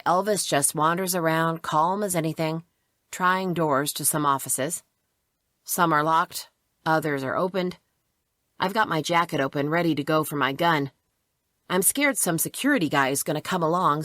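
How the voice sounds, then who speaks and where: A woman's voice: low-pitched, a bit bright, no echo, studio quality. A woman reading a first-person memoir as an audiobook narrator, telling it plainly with casual asides.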